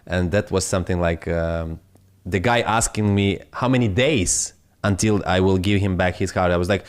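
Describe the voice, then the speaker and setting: A man from Ukraine with a Ukrainian accent, hosting a live crypto stream in excitable, swearing, broken English. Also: fairly low pitch, moderate pace.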